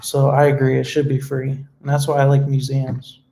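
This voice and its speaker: A young man talks to his viewers on a home live stream, earnest and a bit rambling. His delivery stays strikingly flat, with hardly any rise or fall, and his tone is dark and soft. He answers comments loosely, with plenty of fillers. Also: mid-range voice, moderate pace, vocal fry, slight background noise, low-quality recording. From United States. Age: young adult. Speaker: vlogger hosting a live stream. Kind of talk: casual live-stream chat reading comments.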